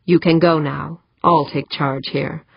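Measured, commanding man in charge, voiced by a woman reader, low and dry, muffled audio. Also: fairly even intonation, vocal fry, husky, no room sound, full character voice. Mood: calm.

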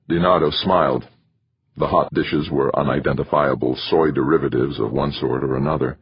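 A man narrating a novel in a steady storytelling manner, in a dull lo-fi recording. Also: a bass voice, moderate pace, breathy edge. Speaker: audiobook narrator. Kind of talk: scripted narration.

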